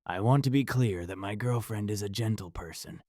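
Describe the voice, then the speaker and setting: A man narrating a first-person horror story in a dramatic, measured delivery. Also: lowish voice, a little mellow, no echo, clean studio sound.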